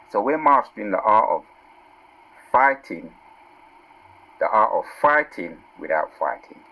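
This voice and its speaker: A man teaching from scripture in a casual sermon, reading verses out slowly and with force, then dropping into low asides and asking "yeah?" and "right?". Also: fairly bright tone, low-quality recording. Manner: calls out "yeah?" and "right?" to listeners. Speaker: preacher.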